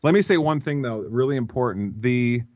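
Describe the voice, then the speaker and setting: A man's voice: mid-range voice, moderate pace, dry recording, dull audio. A man as an interview guest, thinking aloud and explaining at length over a computer call. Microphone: computer mic.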